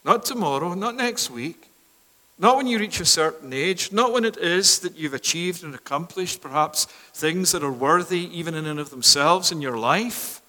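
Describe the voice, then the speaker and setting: A man with a high, bright, ringing voice delivers a sermon from a church pulpit. He moves between forceful proclamation and hushed, almost whispered pleading. The sound trails off in the long reverb of a large hall. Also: lively intonation, normal speed. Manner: swings from loud proclamation to hushed near-whispers. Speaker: preacher.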